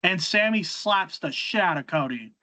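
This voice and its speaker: A man's voice: sits high, animated, moderate pace, bright, forceful tone. A man hosting a casual podcast, retelling events in a rambling way with many restarts and repeated words. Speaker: podcast host. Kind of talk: casual podcast chat recapping wrestling shows. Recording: slightly dull lo-fi recording.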